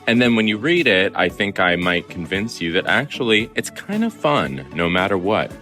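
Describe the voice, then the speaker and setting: A man's voice: lowish voice, big pitch swings, moderate pace, pushed and bright, faint music behind. A man being interviewed as a journalist guest, talking in a wry, amused and chatty way. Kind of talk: interview over a remote line.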